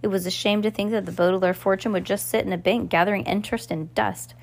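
A woman's voice: medium pitch, fairly even intonation, fast, vocal fry, a little mellow. A woman reading aloud and voicing a pompous, coughing middle-aged male banker who scolds and sputters. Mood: scolding. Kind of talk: audiobook character voice.

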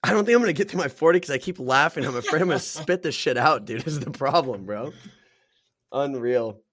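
A man's voice: medium pitch, fairly quick, a bit bright, no room sound, studio quality. A man hosts a casual talk in an everyday mid-range voice. He rambles a little and fills the gaps with ums and uhs as he brings up a new topic. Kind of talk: casual chat.

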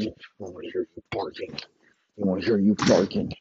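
A man's voice: low voice, steady tone, a little fast, dull audio, background noise. A man hosting a podcast, ranting profanely in a rambling comic monologue. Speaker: podcast host. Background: dogs barking.

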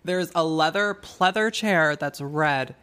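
A woman's voice: deep voice, slow pace, a bit bright. A young woman co-hosting a casual couple's podcast, blunt and teasing, with plenty of swearing. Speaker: podcast co-host.

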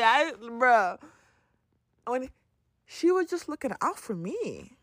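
Woman podcast host, casual spiritual monologue, higher voice with a very lively pitch, playful and profane. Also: takes it slowly. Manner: animated, laughing, swearing, acts out quoted voices.

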